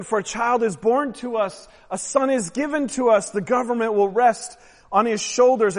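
A man preaching a sermon as pastor, emphatic and swelling louder on key phrases. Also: high-pitched. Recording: long hall reverb.

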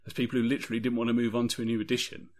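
A man's voice: medium pitch, completely flat delivery, very fast, a little mellow. A man co-hosting a podcast, talking about tabletop games in a rambling, opinionated way. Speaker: podcast co-host. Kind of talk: casual podcast discussion.

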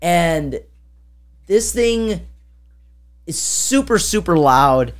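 Speaking extremely slowly in an animated, low-leaning voice, a woman co-hosting a podcast tells a long story in a casual chat. She rambles with plenty of fillers and acts out sounds as she goes.

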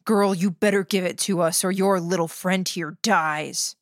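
A woman's voice: on the low side, fairly even intonation, unhurried, dry recording, clean studio sound, lightly acted. A woman voicing a blunt, threatening male thug.

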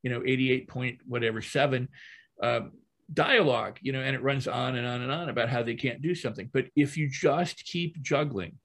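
An older man speaks as a podcast guest, a trainer who teaches through everyday stories. His voice sits at an ordinary middle pitch, and he talks in a lively, rolling way, repeating and building phrases to drive his point home. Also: moderate pace.

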